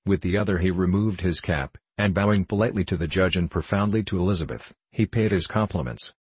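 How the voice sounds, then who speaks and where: A man narrating a classic novel in a measured, even way. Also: low-pitched, husky, no room sound. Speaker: audiobook narrator.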